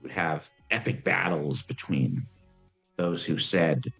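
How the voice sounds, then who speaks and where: A man voicing Lilith, an ancient female demon who is calm and worldly, speaking in a measured, musing way. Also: low-pitched, creaky, husky, faint music behind, pitched below the performer's own voice, exaggerated voice.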